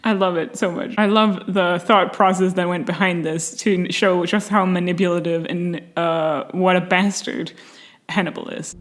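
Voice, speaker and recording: A woman hosting a casual commentary video, animated and sarcastic, often breaking into laughter. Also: fairly low pitch, moderate pace. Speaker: video essay host.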